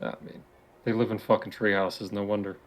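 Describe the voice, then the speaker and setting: A man's voice: fairly low pitch, level tone, fairly quick. A man playing a tabletop game, joking around and laughing often. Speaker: player. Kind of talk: casual tabletop game play.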